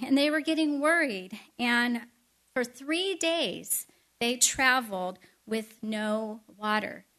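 A middle-aged woman giving a storytelling sermon with chatty, animated asides. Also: on the high side. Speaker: speaker at a Christian event.

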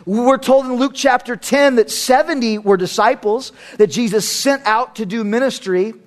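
A man's voice: very high voice, normal speed. A man preaching a sermon as a pastor, emphatic and fond of repeating phrases for effect.

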